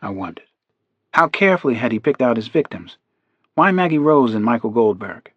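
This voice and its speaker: Steady male audiobook narrator, dry studio. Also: medium pitch, fairly quick, breathy edge, no echo, dull audio.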